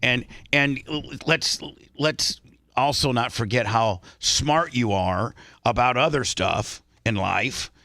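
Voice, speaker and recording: Man, radio host, rambling storyteller, bright tone, dry close sound. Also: mid-range voice, slow pace, no echo. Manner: rambling storyteller with many restarts. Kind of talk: casual radio talk.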